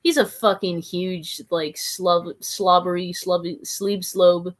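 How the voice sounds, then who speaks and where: A woman's voice: lowish voice, level tone, slow. A woman from the American South rambling through a live stream, giggling, mocking herself and answering viewer comments. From Southern United States.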